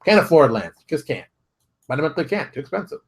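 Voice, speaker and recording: A man hosting his own show, talking straight to viewers in a fired-up, preachy rant full of rapid rhetorical questions. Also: fairly high pitch, big pitch swings. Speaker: show host. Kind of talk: animated solo commentary.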